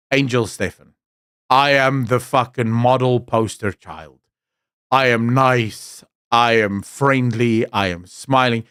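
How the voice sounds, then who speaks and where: A man's voice: medium pitch, a bit bright, no room sound, clean studio sound. A man with a South African accent, a streamer telling blunt, profane stories in casual chat.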